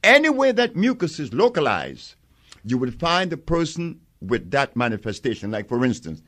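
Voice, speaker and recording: A man's voice: medium pitch, big pitch swings, moderate pace, a bit bright. An older man being interviewed, telling stories with emphasis and acting out quoted exchanges, laughing often. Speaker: interviewee, herbal healer. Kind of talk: conversational interview storytelling.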